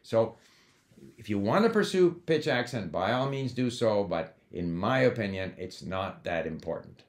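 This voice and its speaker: Guy rambling his opinions on language learning, low voice that swings around a lot, echoey room. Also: animated, normal speed. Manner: opinionated, conversational with frequent fillers. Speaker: language-learning video host. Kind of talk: casual monologue to camera. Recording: roomy echo.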